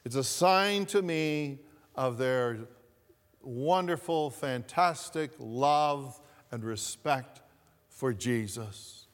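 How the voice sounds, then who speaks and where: Slow-preaching male pastor in a reverberant church. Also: medium pitch. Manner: slow, deliberate preaching with repeated phrases. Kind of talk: sermon. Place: church sanctuary.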